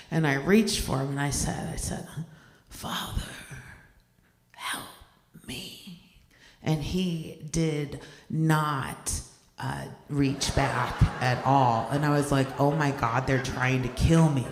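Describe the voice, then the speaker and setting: Young stand-up comic in an echoey hall. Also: medium pitch. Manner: conversational, self-deprecating, keeps checking in with the crowd. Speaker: stand-up comedian. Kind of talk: live stand-up comedy. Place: event hall stage. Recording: roomy hall reverb.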